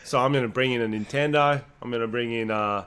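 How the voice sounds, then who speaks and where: A young Australian man co-hosting a podcast, talking in loose, rambling banter. His humor is crude and he swears freely, and his pitch sits in an ordinary middle range. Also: quick pace, a bit bright, smooth. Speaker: podcast co-host.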